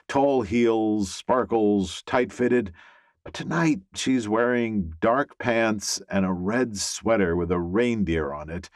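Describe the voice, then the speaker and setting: A man narrating a romance audiobook in the first person, wry and expressive, on a close studio mic. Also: fairly low pitch, no room sound.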